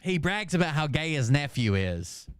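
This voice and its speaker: A man's voice: a little high, big pitch swings, normal speed, smooth, no room sound, clean studio sound. A man hosting a reaction channel, mocking a clip in profane, incredulous asides. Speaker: commentary channel host. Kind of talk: sarcastic reaction commentary.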